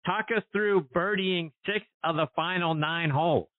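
A man's voice: high-pitched, normal speed, no echo. Man, podcast host, recites stats, dry close sound, phone-like audio. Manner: reads out career stats before asking. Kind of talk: interview questions.

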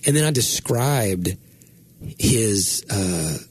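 A man's voice: lowish voice, expressive, extremely slow, slightly rough, dry recording. A man co-hosting a podcast, telling a rambling, self-deprecating story in casual chat. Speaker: podcast co-host and writer.

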